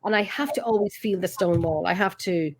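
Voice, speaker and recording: Irish woman, show host; chatty, lively, greets viewers, mid-pitched voice. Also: a little fast, husky. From Ireland. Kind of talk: casual chat, reading viewer comments.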